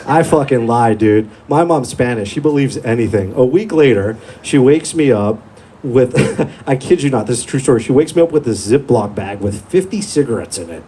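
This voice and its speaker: A young man working a stand-up set in a small club, swearing freely and telling stories at an easy, laid-back pace. His voice is dark and mellow, held close on a handheld mic. A faint hum of room noise sits behind him. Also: mid-range voice, lively intonation, moderate pace. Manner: crude, profane, laid-back storytelling. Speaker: stand-up comedian.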